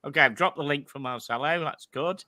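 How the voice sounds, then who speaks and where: A man's voice: fairly high pitch, a little fast, crowd noise. A man hosting a casual live stream, chatty and jokey, rambling between guests. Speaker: host.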